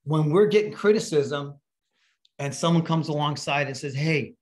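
Middle-aged man, pastor; relaxed sermon delivery, chatty and anecdotal, voice sits a bit high. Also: normal speed. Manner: casual, storytelling with fillers and restarts. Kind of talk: conversational sermon.

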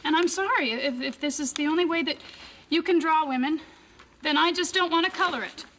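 A nervous rookie colorist, very high voice. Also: female voice, brisk, fairly bright tone. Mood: anxious. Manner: nervous and rambling, many restarts. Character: earnest young woman, rookie colorist, anxious idealist. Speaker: comic-book colorist. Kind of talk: 1990s sitcom acting. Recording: noisy old TV audio.

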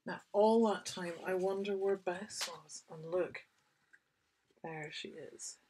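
A woman author reading a picture book aloud to small children, gently asking her young listeners questions. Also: fairly low pitch, fairly even intonation, slow pace, slight background noise.

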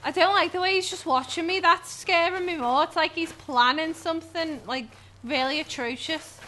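Casting: woman, very high bright voice, skittish horror-game commentary, swears and yelps. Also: moderate pace, a little hiss or hum. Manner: jumpy, swears and screams at scares. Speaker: gamer. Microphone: headset.

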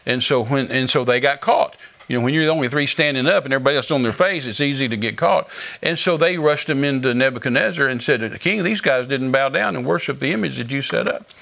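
Gravelly older evangelist telling a story. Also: male voice, mid-range voice, quick pace. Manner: folksy, animated preaching storyteller. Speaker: evangelist guest. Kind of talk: storytelling testimony.

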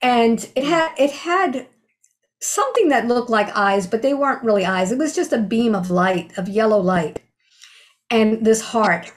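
A woman's voice: fairly high pitch, lively intonation, unhurried. Earnest woman in her sixties. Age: 60s. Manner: earnest, heartfelt recounting. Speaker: storyteller sharing a spiritual experience. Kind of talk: casual personal storytelling.

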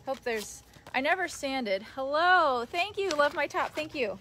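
A woman's voice: high voice, lively intonation, measured pace, low-quality recording. A young woman hosting a casual livestream outdoors, chatting with viewers and reading their comments as she works. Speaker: livestream host. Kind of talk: casual live chat while working. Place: outdoors on grass. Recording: loud sanding noise in background.

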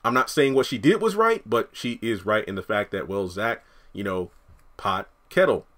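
Guy with a kinda sore throat chatting through a tv recap, lowish voice. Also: moderate pace. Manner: chatty, animated commentary. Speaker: YouTube TV recap host. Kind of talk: casual commentary.

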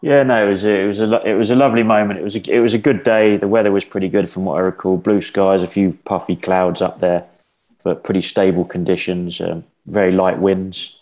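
Podcast guest, man, low and flat, measured and hesitant. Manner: measured, hesitant, many fillers. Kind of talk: casual conversational podcast.

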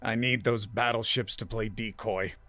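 A man's voice: mid-range voice, slow pace, vocal fry. A man voicing a disgraced former chess grandmaster who speaks hesitantly in a tight, frail-sounding voice. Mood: tense hesitance.

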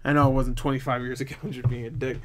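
A tired young man who hosts a gaming channel browses game listings and talks casually in a rapid-fire, medium-pitched voice with little pitch movement. He grumbles, swears, and sounds frustrated, cracking jokes at his own expense.

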